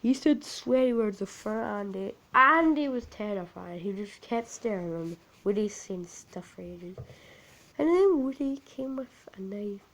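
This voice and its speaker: A woman telling an amateur creepypasta story in a halting, repetitive, unpolished way. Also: medium pitch, animated.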